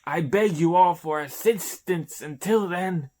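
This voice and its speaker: A man's voice: sits high, measured pace, a little mellow, pitched above the performer's own voice. A man voicing a fawning, scheming male lord who pleads humbly and startles easily, in a raised, strained voice. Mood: pleading humbly. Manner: overly humble, pleading, then jumpy and frightened.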